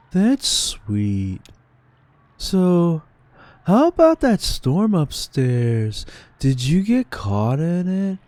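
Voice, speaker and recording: Guy reading lines as a laid-back ferry captain, slow, mellow, dry sound. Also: medium pitch, no room sound, voice pushed up. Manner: slow, unhurried reading of dialogue. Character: easygoing male ferry captain chatting with passengers. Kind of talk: reading game dialogue aloud.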